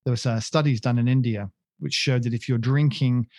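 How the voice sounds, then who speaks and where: A man's voice: mid-range voice, steady tone, a little fast, darkish tone, no echo, studio quality. A man co-hosting a podcast in casual chat, rambling and joking at his own expense with many restarts. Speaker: podcast co-host.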